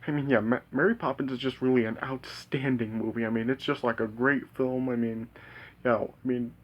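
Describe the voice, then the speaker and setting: A man's voice: mid-range voice, fairly even intonation, fairly quick. A man casually reviewing a movie, rambling with lots of fillers and restarts, enthusiastic and laughing often.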